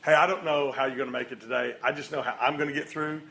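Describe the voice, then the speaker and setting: A man giving an energetic motivational sermon at a morning meeting, rallying the crowd with loud bursts. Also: mid-range voice, quick pace. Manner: lively, rallying crowd, sudden loud outbursts. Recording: echoey room, faint ambience.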